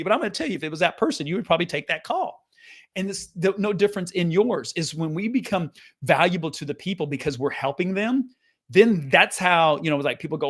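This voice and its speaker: Earnest higher-voiced man coaching business. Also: fairly quick. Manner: earnest, lively, acts out quoted voices, frequent restarts. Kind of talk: casual motivational talk to camera.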